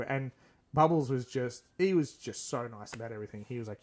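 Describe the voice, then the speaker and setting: A man's voice: medium pitch, a little fast, a little mellow. A young man, hosting a podcast and earnestly telling a rambling personal story, acting out the dialogue. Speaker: podcast host. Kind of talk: casual storytelling.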